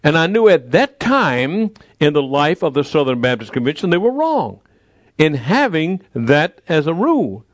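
A man's voice: on the high side, very animated, no echo. Earnest older man preaching. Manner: earnest storytelling preaching with pauses and repetitions. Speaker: pastor. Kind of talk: sermon.

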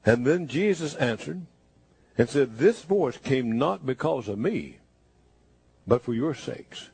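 A man preaching a sermon, speaking in first person as Jesus and moving between hushed, slow lines and emphatic bursts. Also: mid-range voice, expressive, vocal fry, husky.

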